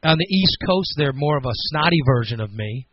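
A Chicago man in his forties with a Midwestern American accent hosts a casual radio chat, thinking aloud and rambling through his opinions. His mid-range voice is animated, brisk and slightly rough, with no echo, on a dull lo-fi radio recording.

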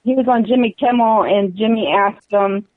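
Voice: mid-range voice, normal speed, dry recording. Radio co-host on a tinny line. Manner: relaxed storyteller, short agreeing replies. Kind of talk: casual chat.

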